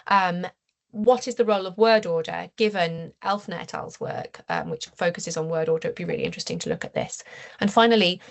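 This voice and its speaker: A woman researcher giving an academic seminar presentation, explaining her findings in a measured way with frequent ums and restarts. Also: on the low side, gravelly.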